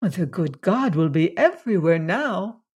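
A reader voicing a wan, childlike young woman who lisps and speaks simple broken English slowly, for a storybook reading. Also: medium pitch, big pitch swings, a little mellow, breathy edge, muffled recording.

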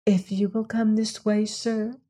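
A woman voicing a prim, polite young housemaid who speaks respectfully and a little higher. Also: expressive, a little slow, a little mellow.

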